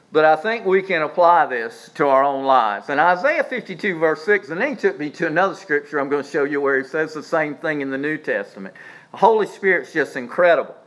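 A man preaching a sermon as pastor, swinging from quiet low asides up to emphatic high peaks, often restarting his phrases. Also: low-quality recording. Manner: repeats words and restarts phrases while speaking.

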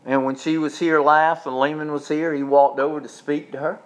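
A man preaching a sermon in a folksy way, stumbling over and repeating words, then swelling into loud, lifted preaching. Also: on the high side, flat delivery, normal speed. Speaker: pastor.

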